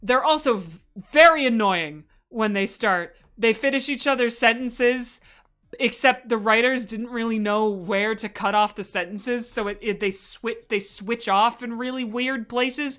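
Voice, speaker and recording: Bright, chatty woman presenter. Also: fairly high pitch, unhurried, soft background music. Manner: rambling, enthusiastic, talks in asides. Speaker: streamer presenting a fan slideshow. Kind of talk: casual livestream presentation.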